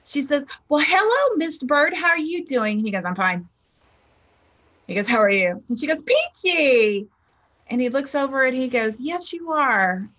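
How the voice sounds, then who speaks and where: This middle-aged spiritual teacher and life coach speaks at a fairly high pitch with a fairly bright tone. She delivers a conversational motivational talk like a chatty storyteller, acting out the characters she quotes.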